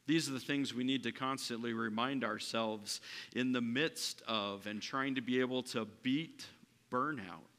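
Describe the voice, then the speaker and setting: A man preaching a sermon as pastor, moving between raised, emphatic passages and hushed, soft ones. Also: mid-range voice, measured pace. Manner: swings from loud preaching to hushed, soft delivery. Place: large church hall. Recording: hall reverb from a church sanctuary.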